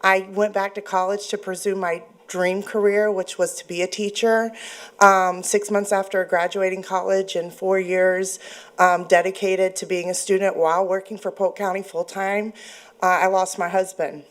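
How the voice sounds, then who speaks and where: A woman's voice: mid-range voice, flat delivery, moderate pace. A middle-aged woman teacher from Florida giving an earnest, emotional public comment, close to tears. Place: public meeting chamber.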